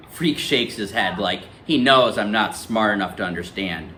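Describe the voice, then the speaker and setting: A man's voice: on the low side, moderate pace, few pauses, slight background noise. A male teacher reading a novel aloud in a classroom and quizzing his students. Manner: lively, questioning students.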